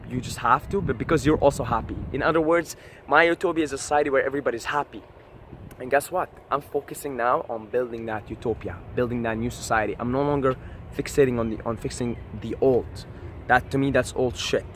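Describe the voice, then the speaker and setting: A man's voice: medium pitch, fairly bright tone. Man vlogger, passionate swearing pep talk, casual, faint street traffic behind. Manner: passionate, profane, repeats "right?". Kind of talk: casual motivational monologue to camera.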